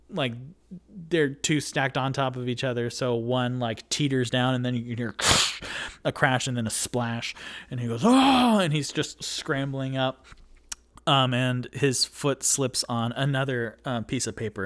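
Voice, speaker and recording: A man narrating a solo tabletop game as dungeon master, rambling with many fillers. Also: medium pitch. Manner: rambling, filler-heavy, animated.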